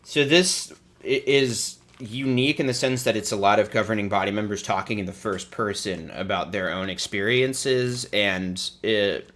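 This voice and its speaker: Sarcastic male commentary host, lower voice, casual and joking, laughing often. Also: moderate pace, few pauses, fairly bright tone.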